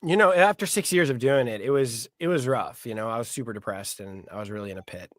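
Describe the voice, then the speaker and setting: A man's voice: medium pitch, quick pace, no room sound. A man who is a pianist and actor, telling his story in a casual interview and acting out the dialogue he quotes. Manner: animated, acts out quoted dialogue.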